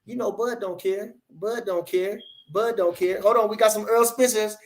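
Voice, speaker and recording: A man's voice: sits high, fairly even intonation, moderate pace. A man chatting casually on a livestream, reading out comments in rambling, repetitive, profane hype talk.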